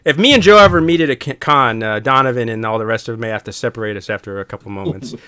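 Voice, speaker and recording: A man's voice: mid-range voice, fast, bright, forceful tone, clean tone, dry recording, clean studio sound. A man on a podcast, talking in a blunt, ranting way and swearing often. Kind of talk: casual chat.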